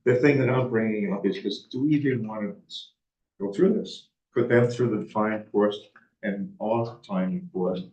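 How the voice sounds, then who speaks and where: A man's voice: lowish voice, normal speed, a little mellow. A man serving on a town board, making blunt, emphatic objections in a public meeting. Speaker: board member. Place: municipal meeting room. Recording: dull, distant, echoey room audio.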